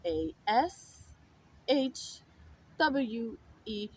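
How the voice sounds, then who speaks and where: A woman in her thirties giving a casual spiritual monologue, wandering between hushed whispers and emphatic declarations. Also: fairly high pitch, very animated, measured pace, a little hiss or hum, low-quality recording. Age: 30s. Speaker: spiritual content creator.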